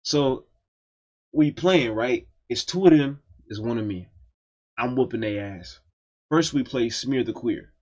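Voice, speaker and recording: Man, casual storytime, profane, emphatic, average pitch, dull lo-fi sound. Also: animated, unhurried, darkish tone.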